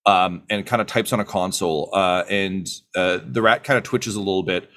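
A man running a tabletop game, narrating in a halting way and filling pauses with ums and uhs. His voice sits somewhat low. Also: fairly even intonation, a bit bright. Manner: halting, many fillers. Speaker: game master.

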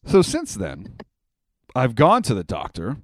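A man hosting a podcast, telling a story in a casual, animated way, acting out what others said and swearing freely. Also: medium pitch, unhurried, no room sound, clean studio sound. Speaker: podcast host.

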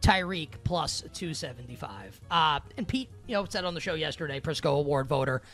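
A man's voice: on the high side, expressive, brisk, a bit bright, faint music behind. A man co-hosting a sports betting podcast, chatting in a wry, casual way and leading into segments. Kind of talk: casual chat.

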